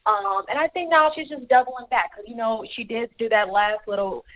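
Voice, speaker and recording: A woman calling in to a show, speaking hesitantly with many pauses and restarts. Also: a little high. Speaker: caller. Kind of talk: phone call to a show. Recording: tinny phone line.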